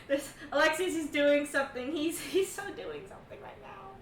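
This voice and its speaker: A woman narrating as game master of a tabletop game, excitable and laughing as she voices the characters. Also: high-pitched, moderate pace, reverberant, distant mic.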